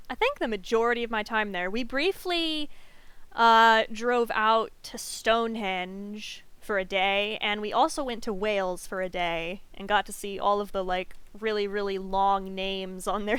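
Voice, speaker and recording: A woman's voice: fairly high pitch, fairly bright tone, clear, resonant tone, no echo. A young woman from the Southern US with a light Southern accent, chatting casually and giggling often while streaming a game. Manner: chatty and giggly, rambling with many fillers.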